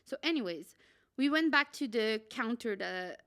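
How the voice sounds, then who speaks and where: Young woman podcaster, excitable, kinda high voice, says like constantly. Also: moderate pace. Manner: dramatic and excitable, says "like" a lot. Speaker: podcast co-host. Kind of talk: casual storytelling.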